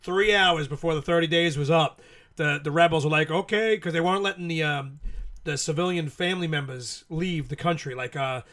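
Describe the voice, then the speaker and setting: A man in his late forties tells rambling, profane stories in casual chat. He talks fast, with a bright, forward voice pitched a little high. The stories roll on with plenty of laughter. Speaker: podcast guest. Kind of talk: casual storytelling.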